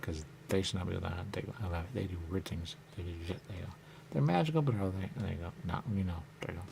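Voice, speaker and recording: A man's voice: low voice, a little fast, vocal fry, background noise. A man hosting a radio show, talking in a rambling, repetitive solo monologue and saying the same catchphrase again and again. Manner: repetitive, drifting, says "there you go" often.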